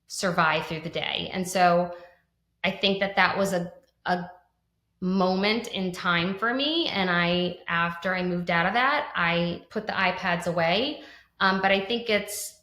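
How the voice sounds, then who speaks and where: A woman's voice: on the low side, a little slow, sharp tone. A woman in her thirties co-hosting a conversational podcast, talking earnestly with frequent restarts and fillers like "like". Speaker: podcast co-host. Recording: roomy echo.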